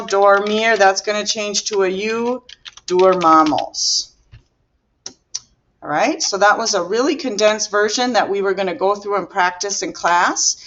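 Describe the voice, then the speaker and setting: Slow, patient woman teaching grammar. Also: medium pitch, fairly bright tone, highs cut off. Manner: patient, explaining step by step while writing. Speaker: Spanish teacher. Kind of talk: recorded classroom grammar lesson.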